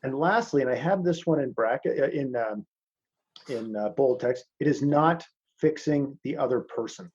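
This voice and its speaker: A man's voice: mid-range voice, normal speed, darkish tone, slightly rough, highs cut off. A man teaching a masterclass in casual talk over a video call. He is blunt, swears freely and calls his listeners "man".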